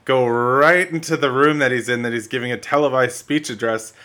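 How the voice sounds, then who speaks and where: A man with a bright, forward voice chats on a casual podcast. He is blunt and quick, and he likes to push back playfully on his co-host. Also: mid-range voice. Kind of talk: casual gaming podcast chat.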